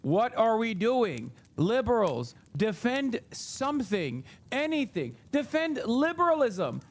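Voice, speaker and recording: A man with a high voice delivers an angry live-stream rant. He swears freely and keeps hammering the same lines for emphasis. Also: big pitch swings, moderate pace, few pauses. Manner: heated, profane, repeating phrases for emphasis. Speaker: streamer host.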